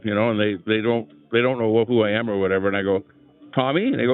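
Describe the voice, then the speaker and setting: A man's voice: fairly low pitch, fairly quick, no room sound. A man hosting a live stream from a chair at an outdoor rally, chatting loosely and greeting viewers in the chat through a small clip-on mic. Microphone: small clip-on microphone. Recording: tinny phone-like lo-fi sound.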